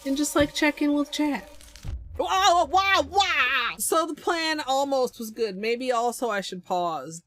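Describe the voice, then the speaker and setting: Brief: young woman, slightly high, crude joking livestream chatter. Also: measured pace, hardly any pauses, dry recording. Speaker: nail art streamer. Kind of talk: casual livestream chat.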